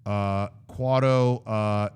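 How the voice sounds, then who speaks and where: A man in his thirties co-hosting a casual movie chat, recapping the plot and acting out scenes with sudden shouted lines. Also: on the low side, drawn-out words, clear, resonant tone. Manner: animated storyteller, acts out scenes with sudden shouted quotes. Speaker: co-host of a movie discussion show.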